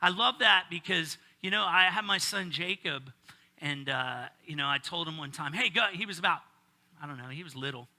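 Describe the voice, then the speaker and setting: A man's voice: a little high, moderate pace, pushed and bright. A middle-aged male pastor preaching a casual sermon, joking and bantering with his congregation.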